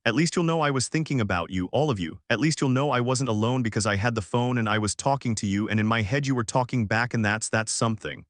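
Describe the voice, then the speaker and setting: A man voicing a frightened twelve-year-old boy trapped underground, speaking in halting, broken-off sentences. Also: mid-range voice, no echo, clean studio sound, lightly acted. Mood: desperate.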